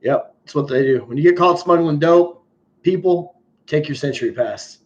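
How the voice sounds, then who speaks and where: A man's voice: fairly high pitch, moderate pace. A man hosting a live stream, telling stories in a blunt, profane way. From United States. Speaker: livestream host. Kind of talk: casual live stream chat. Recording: muffled stream audio.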